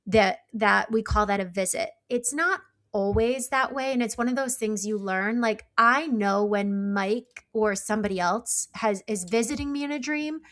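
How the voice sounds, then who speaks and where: A woman's voice: medium pitch, moderate pace, few pauses, a bit bright. Earnest middle-aged woman explaining. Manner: explanatory, earnest, uses many likes. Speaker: psychic guest. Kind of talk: interview conversation.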